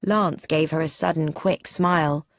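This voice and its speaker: Clear, measured woman narrating a storybook. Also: sits low, fairly even intonation, dry recording, clean studio sound. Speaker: audiobook narrator. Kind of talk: scripted audiobook narration for learners.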